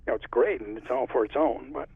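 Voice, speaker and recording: A man's voice: medium pitch, quick pace, dry recording. A man with a Connecticut accent, an author chatting in a casual interview and rambling through stories. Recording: tinny phone line, husky.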